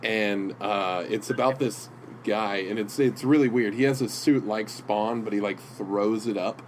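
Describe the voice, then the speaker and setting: A man co-hosting a podcast in casual chat, telling halting, rambling stories full of restarts. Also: on the low side, a little hiss or hum, low-quality recording. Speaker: podcast co-host. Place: indoor room with comic prints.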